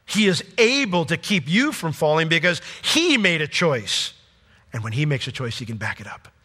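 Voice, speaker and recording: A man preaching a sermon with passion, his voice swinging from loud peaks to hushed, quiet lines. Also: a little high, sing-song, normal speed. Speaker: pastor. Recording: long hall reverb.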